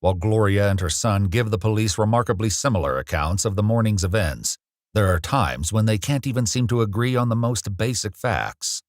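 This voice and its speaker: A man with a lowish voice narrates a documentary in a calm, measured, scripted way. The studio voice-over is dry and close. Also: no echo.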